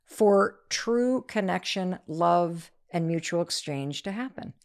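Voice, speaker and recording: A middle-aged woman, an author, telling a story as an interview guest, lively and acting out the voices of the people in it. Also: lowish voice, takes it slowly. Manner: energetic, acts out quoted voices.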